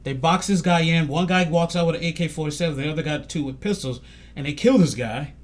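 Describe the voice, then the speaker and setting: Animated male podcast storyteller. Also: quick pace. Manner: animated storytelling, quotes others in lowered voice. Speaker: podcast host. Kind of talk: casual conversation.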